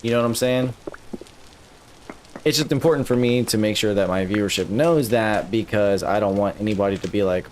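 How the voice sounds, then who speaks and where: A man's voice: fairly low pitch, a little fast, a little mellow, slight background noise. A man streaming a video game live, chatting casually with viewers, swearing often and grumbling in frustration. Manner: profane, frustrated, talks to chat. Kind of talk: casual live gameplay commentary.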